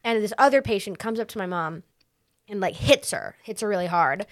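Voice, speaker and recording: Animated woman telling a story. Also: medium pitch, fairly quick, no echo, clean studio sound. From New York City. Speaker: guest, playwright and comedian. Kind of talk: casual podcast chat.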